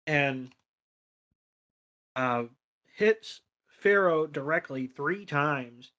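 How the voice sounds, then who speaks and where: A man's voice: a little high, lively intonation, drawn-out words, bright, forceful tone. A man co-hosting a podcast, casually recapping a battle and correcting himself along the way. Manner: casual, loose, self-correcting. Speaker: podcast co-host.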